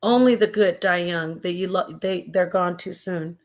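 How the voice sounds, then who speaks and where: A woman's voice: on the low side, normal speed. A woman hosting a casual live stream, chatty and digressive, talking to her viewers like family. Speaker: livestream host.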